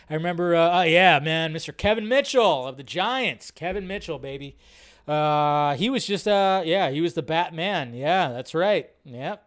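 A man hosting a live online film show, casual, rambling and profane, with lots of fillers. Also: a little high. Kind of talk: casual live-stream commentary.

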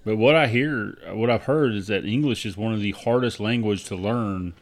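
A man co-hosting a podcast, wry and relaxed, thinking aloud in a casual chat. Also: fairly low pitch, moderate pace. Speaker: podcast co-host.

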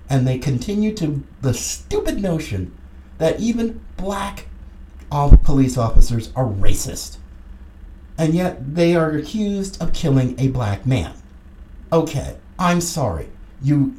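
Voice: mid-range voice, slight background noise. Combative middle-aged political podcast host. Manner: combative and sarcastic, lively emphasis. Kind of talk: political commentary monologue. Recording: roomy echoey room.

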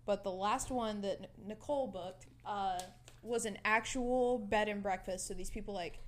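A young woman in her twenties telling a lively story in casual chat, swearing freely and quoting her friend. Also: mid-range voice, normal speed. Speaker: guest storyteller.

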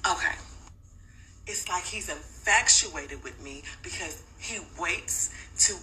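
A mother telling a personal story in a casual, animated and blunt way, swearing freely. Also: lowish voice, slow, low-quality recording.

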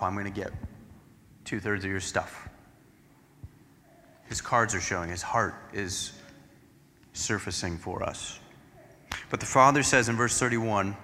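A man's voice: on the low side, pushed and bright, long reverb tail. A male pastor preaching an expository sermon in a church sanctuary, explaining each passage and acting out the quotes.

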